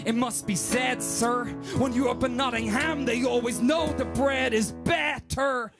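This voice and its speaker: A man's voice: sits high, measured pace, over loud music, voice pushed up. A man rapping in character as a young woman pining for bread from home, in a put-on accent. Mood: mock lament. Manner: rapped in a put-on accent, playful. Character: a young woman from the Midlands, lamenting lost bread. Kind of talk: improvised comic rap.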